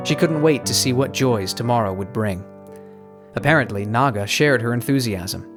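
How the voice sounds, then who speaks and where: A man reading an audiobook in an even storytelling tone with hushed tension. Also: medium pitch, moderate pace, music in the background. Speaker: audiobook narrator. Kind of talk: scripted audiobook narration.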